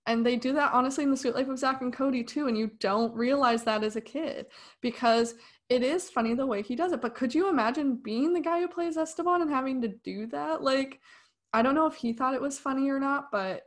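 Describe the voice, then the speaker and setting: A young woman co-hosting a podcast, reviewing a film in casual, animated talk with opinionated and sarcastic asides. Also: sits high, brisk. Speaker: podcast co-host.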